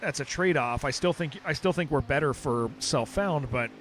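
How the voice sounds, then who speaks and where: A man's voice: fairly high pitch, moderate pace, noisy background. A man streaming a game who chats casually and rambles, often restarting his sentences. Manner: rambling, restarts sentences, says dude a lot. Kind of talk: casual livestream chat.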